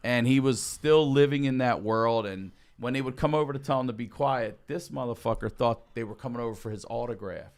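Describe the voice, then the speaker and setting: Profane man telling animated stories. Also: medium pitch, a little fast, few pauses. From Baltimore. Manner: profane, animated, acts out quotes. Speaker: podcast guest. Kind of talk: casual storytelling.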